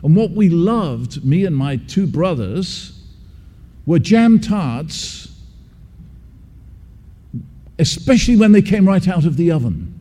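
Preaching an expository sermon that includes a personal story, a man from England speaks with emphasis and repeats key words to drive them home. The voice is a little high, mellow and very animated, a little slow, heard through long hall reverb.

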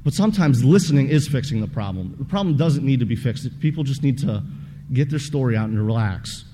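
A man's voice: mid-range voice, animated, a little fast, warm tone. A young man giving a casual, earnest testimony about a mission trip, rambling with many fillers. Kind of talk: personal testimony talk. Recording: long reverb of a large room, faint noise.

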